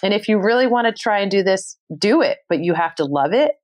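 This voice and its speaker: A woman, a TV host telling her story as a podcast guest in an earnest, emotional way, her voice jumping up when she gets excited. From New York City, USA. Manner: emotional and earnest, rising pitch when excited, quick bursts when quoting herself. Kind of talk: candid interview storytelling.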